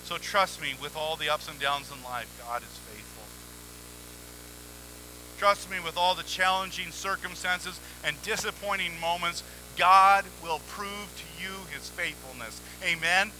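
A man preaching a sermon in a conversational, energetic way, acting out little exchanges with God, at a church microphone. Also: on the high side, a little hiss or hum, poor audio. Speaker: pastor. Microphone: handheld or headset mic, volume cutting on and off.

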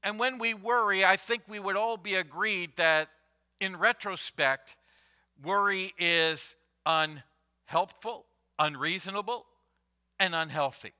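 A man preaching a Sunday sermon as pastor, deliberate and emphatic, repeating key phrases for weight. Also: sits high, bright, forceful tone, smooth.

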